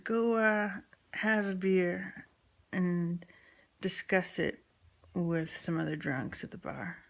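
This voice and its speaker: A woman's voice: fairly low pitch, steady tone, slow pace, gravelly. A woman in her forties from New York telling a personal story in a frank, rambling way with lots of fillers and swearing.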